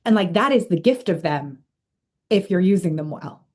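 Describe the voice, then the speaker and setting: In a relaxed interview conversation, a female podcast host and coach sounds earnest and reflective, often using filler words. Her fairly low voice is expressive and a little mellow, moving at a normal speed.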